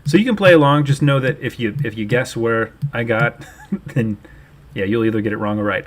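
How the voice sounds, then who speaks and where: A young man chatting casually on his own livestream, explaining and musing aloud in an easygoing way. His voice sits at an ordinary middle pitch for a man, neither high nor deep. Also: brisk. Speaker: livestream host.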